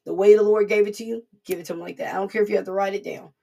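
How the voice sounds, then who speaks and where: A woman's voice: medium pitch, fairly even intonation, racing, gravelly, warm tone, slightly rough. A woman giving an informal devotional sermon in an earnest, repetitive, conversational way. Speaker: preacher.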